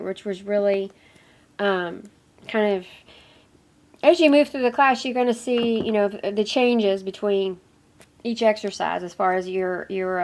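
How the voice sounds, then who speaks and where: A woman teaching an online course in an informal recorded lecture. She has a cold, so her voice is nasal and hoarse at times, and she rambles with fillers and apologies. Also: medium pitch, a little mellow. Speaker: course instructor.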